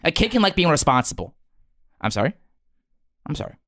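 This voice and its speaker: A man's voice: a little high, very animated, brisk, fairly bright tone, no room sound, clean studio sound. A man playing an earnest, wholesome sixteen-year-old boy in an improvised comedy scene, rambling eagerly and apologizing often.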